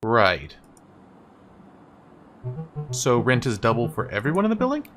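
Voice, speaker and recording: A woman voicing a weary, down-on-his-luck man in a game, speaking in a low, dry, deadpan way. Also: measured pace, soft background music, full character voice. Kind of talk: voice-acting a game.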